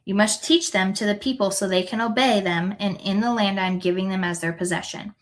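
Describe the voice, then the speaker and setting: A woman reading scripture aloud in an earnest, unhurried way, now and then correcting a word. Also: medium pitch, steady tone, low-quality recording. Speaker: scripture reader.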